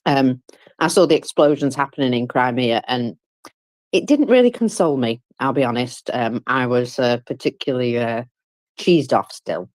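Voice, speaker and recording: A woman's voice: a bass voice, moderate pace, darkish tone, dry recording. A woman speaking in an online chat room, indignant and outspoken with a wry edge. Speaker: participant in a live audio chat space. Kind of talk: heated casual chat.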